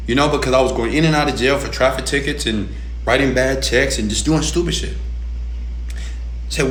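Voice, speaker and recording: A man giving a motivational rant, loud and profane, swinging between shouting and soft talk. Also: medium pitch, normal speed, pauses often, reverberant, a little hiss or hum. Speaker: motivational speaker.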